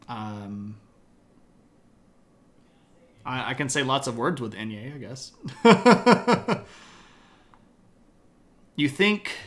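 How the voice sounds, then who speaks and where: A man's voice: a little high, sing-song, slow pace, long pauses, a bit bright, soft background music. A man hosting a live history stream, chatting casually with his viewers and reading their comments aloud. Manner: chatty, reads chat aloud, coos at his dog.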